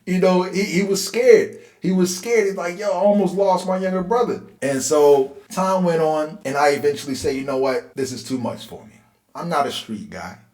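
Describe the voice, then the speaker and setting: A man in his forties from Philadelphia telling a personal life story in a casual, conversational way, getting animated when he relives tense moments. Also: on the high side, normal speed. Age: 40s. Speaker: host. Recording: roomy echo.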